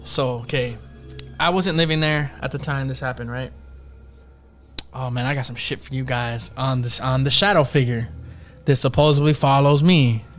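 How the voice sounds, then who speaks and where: A man's voice: mid-range voice, fairly even intonation, normal speed, a bit bright, faint music behind. A man casually telling a ghost story on a podcast, profane and slangy, acting out the other people's lines. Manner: profane, slangy, acts out quotes in voices.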